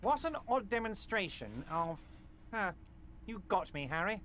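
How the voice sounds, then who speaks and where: An actor voicing a large, smooth-talking union boss in a video game, folksy and reassuring with a needling edge. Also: male voice, high-pitched, big pitch swings, a little slow, fairly bright tone, slight background noise, heavily acted. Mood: concerned.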